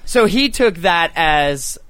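A man's voice: fairly high pitch, lively intonation, slow, fairly bright tone, no echo. A young man co-hosting a podcast, talking casually in a blunt, profane, rambling way full of "like". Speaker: podcast co-host. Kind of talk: casual chat.

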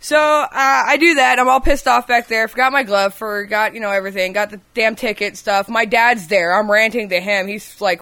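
Bright-voiced, foul-mouthed woman storyteller. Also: mid-range voice, a little fast, few pauses. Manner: profane, rambling storyteller. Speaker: podcast co-host. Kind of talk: casual chat.

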